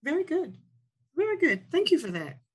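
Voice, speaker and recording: A woman's voice: sits high, very animated, normal speed. A woman hosting a casual podcast interview, affirming her guest and repeating her praise. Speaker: podcast host.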